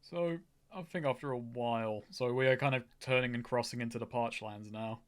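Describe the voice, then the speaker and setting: A player at a tabletop game, talking casually as he describes what his character does. His voice is middling in pitch, with an easygoing, plain delivery. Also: steady tone, brisk.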